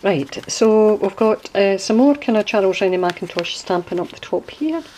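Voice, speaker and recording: A woman's voice: medium pitch, lively intonation, moderate pace, warm tone, a little hiss or hum, rough recording. A woman from Scotland with a Scottish accent, chatting casually as she shows a handmade journal and wanders off to explain local sayings. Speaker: crafter showing a handmade journal. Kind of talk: casual show-and-tell video.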